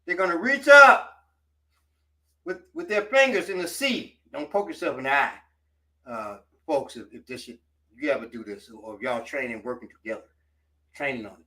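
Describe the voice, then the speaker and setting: A man's voice: mid-range voice, expressive, moderate pace, sharp tone, far from the mic. A man teaching self-defense, talking casually and coaching while he demonstrates moves.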